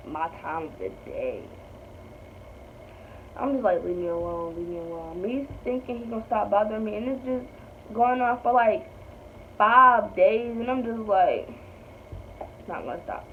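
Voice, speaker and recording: A woman's voice: mid-range voice, lively intonation, moderate pace. A young woman, telling a story in a chatty, blunt way with lots of swearing. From North Carolina. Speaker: vlogger. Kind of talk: casual storytime. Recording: tinny phone-like audio with faint hiss.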